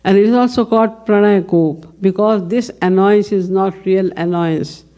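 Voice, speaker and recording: A woman gives a devotional lecture in a mellow, warm voice of middling pitch. She speaks with measured care and tells her stories step by step. She often asks a question and then answers it herself. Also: steady tone. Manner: measured storytelling, poses and answers own questions. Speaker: spiritual lecturer.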